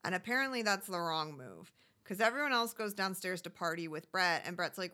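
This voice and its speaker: Woman co-host, bright and crisp tone, casual sarcastic banter. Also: lowish voice, expressive, a little fast, few pauses. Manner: chatty, sarcastic, acts out quotes in squealy voices. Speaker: podcast co-host recapping a reality show. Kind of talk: casual chat.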